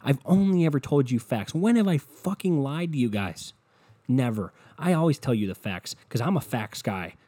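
A young man riffs alone into his computer mic, swearing freely and mocking everyone in a sarcastic, rambling rant. His voice sits at an ordinary middle pitch. He sounds like a solo podcast host talking from his bedroom. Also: expressive, moderate pace, warm tone, slightly rough. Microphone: desktop computer mic.

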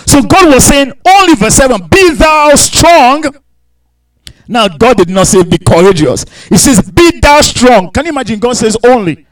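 High-voiced preacher, hushed then booming. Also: male voice, lively intonation, normal speed, poor audio. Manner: swings from hushed asides to loud emphatic scripture reading; calls out to the congregation for responses. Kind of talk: sermon.

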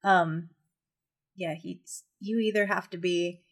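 A woman with a husky, slightly low voice chats casually as a podcast co-host. She talks loosely, with fillers and quick laughs. Her tone is relaxed and conversational. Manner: chatty, quotes lines in mock accents, laughs often. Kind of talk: casual chat.

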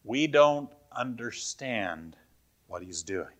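A man's voice: mid-range voice, lively intonation, slow pace, fairly bright tone. A man preaching a sermon in a conversational way, often asking his listeners questions. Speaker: pastor.

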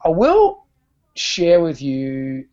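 In a lo-fi recording, an Australian-accented musician tells rambling stories full of restarts and fillers. His fairly high voice is mellow and very slow, with huge swings in pitch.

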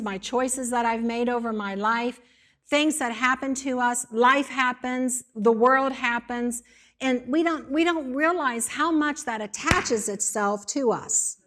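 A woman preaching with lively emphasis and a somewhat high-pitched voice. She drives her points home by repeating words in rhythmic lists. Her delivery is expressive and earnest. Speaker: speaker in a church setting. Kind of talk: sermon.

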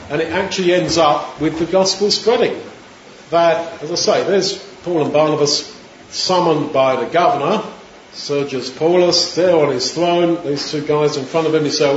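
A male preacher tells a Bible story in lively, everyday words. His voice sits somewhat high for a man. The recording is roomy and muffled, with a faint hiss behind it. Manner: animated storytelling, retelling scripture in his own words. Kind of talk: sermon. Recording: echoey room, dull lo-fi sound, faint hiss.

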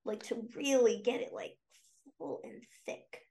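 A woman's voice: a little high, unhurried, creaky, mellow. A young adult woman co-hosting a podcast in casual chat, playful and laughing often, with lots of "like" and "you know.". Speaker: podcast co-host.

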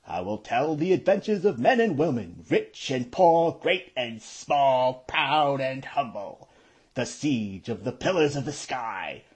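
A man's voice: mid-range voice, breathy edge. A man voicing a showy gleeman storyteller with a Brooklyn accent, in a grand, chanting delivery.

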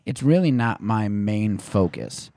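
A man's voice: lowish voice, expressive, a little slow, dark tone, dry recording. A man co-hosting a casual podcast, goofing around with jokes and movie quotes. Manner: jokey, goofy bits and movie quotes. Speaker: podcast co-host. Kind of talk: casual chat.

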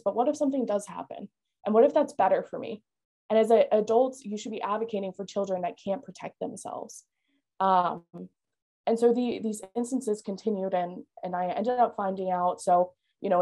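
A woman's voice: mid-range voice, darkish tone. A woman, telling her life story as a podcast guest, candid and earnest with lots of "like" and "you know". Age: 20s. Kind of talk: personal storytelling interview.

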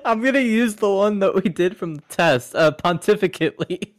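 A man's voice: high voice, lively intonation, normal speed. A man co-hosting a podcast in casual chat, laughing often and swearing playfully. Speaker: podcast co-host.

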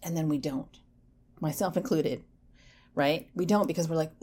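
A woman hosts a casual self-help podcast in a playful, animated way, her voice sitting a little low for a woman. She drops into hushed asides, then lifts into bright, emphatic bursts. When she reads poetry, she turns slow and soft. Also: husky. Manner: reads poetry slowly and softly. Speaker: podcast host.

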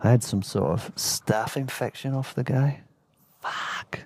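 An English man recounts his backpacking years with a relaxed, candid delivery and casual swearing. His voice is mellow and gravelly, recorded close and dry. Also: medium pitch, moderate pace, no echo. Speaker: storyteller. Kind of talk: reflective travel memoir narration.

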